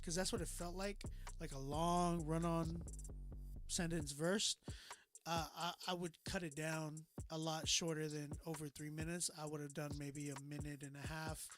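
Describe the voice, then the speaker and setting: High-voiced man giving casual critique. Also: fairly bright tone. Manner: loose and emphatic, often says "you know what I'm saying". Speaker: music reviewer hosting a live stream. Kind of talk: casual live critique chat.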